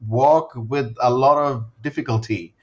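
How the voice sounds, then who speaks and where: A man's voice: mid-range voice, steady tone, unhurried. A man hosting a casual comedy podcast, rambling with stumbling restarts and giggles. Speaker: podcast host. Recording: muffled webcam audio.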